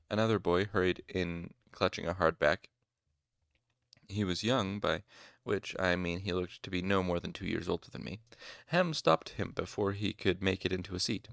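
A man's voice: low voice, moderate pace, gravelly, fairly bright tone, clear, resonant tone, no room sound, studio quality. Young man reading a novel aloud at home. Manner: informal, stops to make whispered asides and corrections. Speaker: amateur audiobook reader. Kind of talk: casual read-aloud of a novel. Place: home room.

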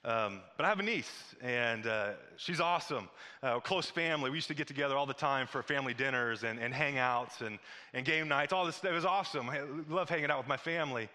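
A man from Missouri preaching a sermon, telling a lively story and then dropping to a soft, hushed appeal. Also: mid-range voice, a little fast, in a large hall. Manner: animated storytelling, drops to a soft hush for appeals. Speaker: pastor.

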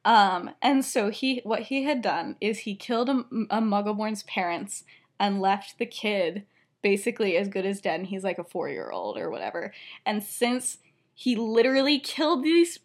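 A woman's voice: mid-range voice, lively intonation, normal speed. A woman co-hosting a podcast, casually retelling a story in a rambling way and filling her sentences with 'like'. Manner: rambling retelling, heavy use of filler 'like'. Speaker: podcast co-host.

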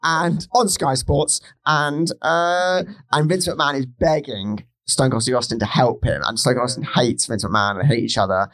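A man's voice: medium pitch, steady tone, normal speed, few pauses, fairly bright tone, dry recording. A man, a guest comedian on a podcast, telling rambling and enthusiastic stories in casual chat.

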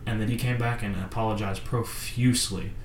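A man, a groom-to-be, telling family stories earnestly in a relaxed podcast chat. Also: fairly low pitch, fairly quick, a little hiss or hum. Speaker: guest, groom-to-be. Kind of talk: casual storytelling on a podcast. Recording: roomy echo.

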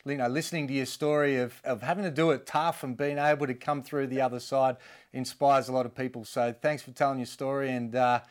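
A man's voice: mid-range voice, fairly even intonation, fairly quick. An Australian man hosting an interview, matey and chatty. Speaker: host. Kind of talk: casual interview.

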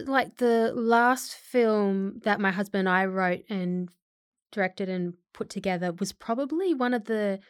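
A woman's voice: medium pitch, clear, resonant tone, no echo. Chatty woman actor giving an interview, casual and laughing, in a dry close recording. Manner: chatty, laughs often, many fillers. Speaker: actor and filmmaker guest.

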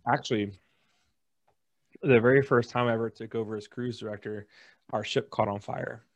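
A man co-hosting a casual podcast, an animated storyteller who acts out the people in his stories. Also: mid-range voice, moderate pace, no room sound. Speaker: podcast co-host. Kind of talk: casual chat.

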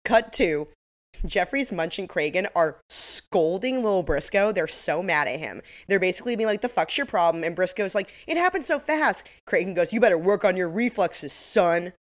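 Lady podcaster w a lowish voice, chatty recap, laughs a lot. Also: normal speed. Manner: laughs often, acts out quotes. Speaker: podcast co-host. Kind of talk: casual chat recapping a TV episode.

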